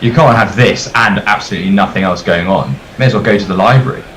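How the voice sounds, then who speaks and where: A man's voice: on the low side, quick pace, a bit bright, slight background noise. A man chatting as a cricket co-commentator, with a wry, dry sense of humor. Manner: wry, dry humor, laughs mid-sentence. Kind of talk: casual commentary-box chat. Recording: roomy echo on the voice.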